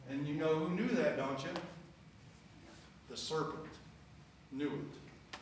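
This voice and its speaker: A slow-talking preacher with a slightly high voice gives a sermon with scripture reading in an echoey hall. He keeps it conversational and asks the congregation questions, captured in a distant, very echoey recording with faint room noise.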